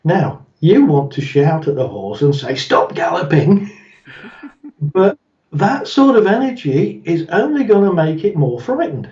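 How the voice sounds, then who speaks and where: A man's voice: on the high side, wildly swooping pitch, a little slow, dark tone. A man, a guest in an interview, explaining ideas through stories, chuckling often and acting out the voices he quotes. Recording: roomy, distant, dull sound.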